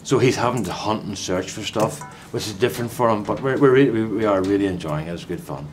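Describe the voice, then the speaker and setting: Soft background music plays as an older gardening vlogger chats to camera at a quick pace, his voice on the low side. Working out in his vegetable plot, he meanders in a friendly, chummy way, restarting often and drifting into asides.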